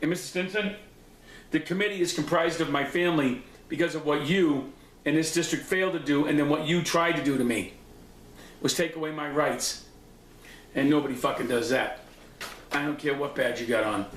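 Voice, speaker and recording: Blunt, profane man in an echoey room. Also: a little high. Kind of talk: angry personal recap monologue.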